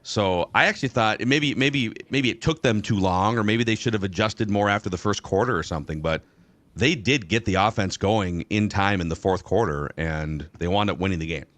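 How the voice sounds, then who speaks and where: A man's voice: lowish voice, fairly quick, a bit bright, no echo. A man hosting a sports talk podcast, loose and analytical, a little rambling. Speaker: podcast host.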